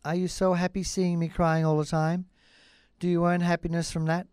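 A man's voice: on the high side, level tone, moderate pace, a little mellow, clear, resonant tone, no echo, clean studio sound, lightly acted. A man doing a pleading young princess. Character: sad, restless young princess.

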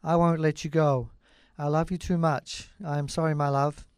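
A man's voice: a little high, flat delivery, normal speed, clear, resonant tone, no echo, studio quality, lightly acted. A man playing a stubborn fairy-tale king. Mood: fond.

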